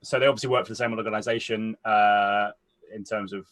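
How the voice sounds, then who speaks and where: A man chatting casually about movies as a co-host, his voice sitting on the low side. He thinks out loud, circling through long sentences before landing his point. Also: fairly even intonation, fairly quick. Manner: rambling, thinks aloud in long winding sentences. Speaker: film podcast co-host. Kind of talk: casual film chat.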